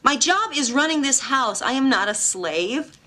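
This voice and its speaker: A rushed housewife, defensive, lively bright voice. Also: female voice, high voice, slight background noise, full character voice. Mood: harried. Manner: hurried, defensive. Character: harried, dutiful mother of a teen. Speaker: mother, housewife. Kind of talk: TV movie acting.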